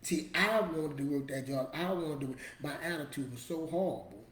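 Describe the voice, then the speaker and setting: With a fairly high, fairly bright voice, a middle-aged man hosts a motivational show at a moderate, animated pace. Casual and emphatic, he repeats his points in a colloquial, preachy manner, heard in a roomy echo with faint ambience.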